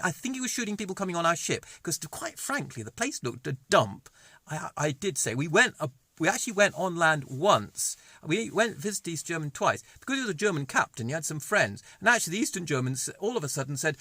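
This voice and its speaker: A man's voice: a little high, big pitch swings, brisk, bright, forceful tone, no room sound. A man around 60, a vlogger telling wry, rambling stories and jokes. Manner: jokey, digressive, wry. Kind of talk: rambling storytelling monologue.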